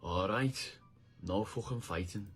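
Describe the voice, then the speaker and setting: A man's voice: fairly low pitch, a little slow, a bit bright, breathy edge, soft background music. A man chatting casually in a teasing, opinionated way. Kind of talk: casual commentary on accents.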